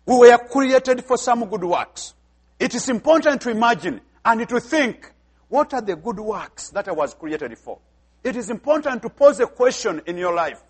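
A man's voice: very high voice, husky. A man from Africa with an African accent, preaching a sermon emphatically and asking the congregation questions.

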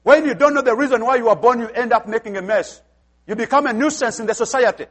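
High-voiced visiting pastor preaching emphatically. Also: male voice, fast talker, a bit bright. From outside the United States. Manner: emphatic preaching, repeats phrases, acts out dialogue. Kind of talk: sermon.

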